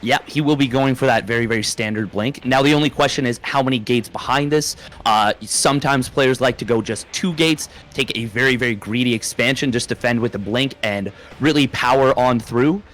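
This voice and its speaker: A man's voice: mid-range voice, brisk, few pauses, fairly bright tone, a little hiss or hum. A man giving color commentary on an esports match in an easygoing, analytical way. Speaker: esports co-caster.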